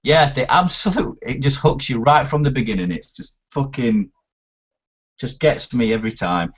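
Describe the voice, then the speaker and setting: A man in casual film chat, animated and swearing a lot as he acts out scenes he loves. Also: medium pitch, moderate pace, dull audio. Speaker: podcast co-host.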